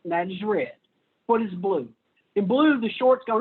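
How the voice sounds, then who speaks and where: A man's voice: high-pitched, lively intonation, measured pace, husky, phone-quality sound. A man giving a casual, conversational college lecture. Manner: conversational, plays out little voices. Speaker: university lecturer.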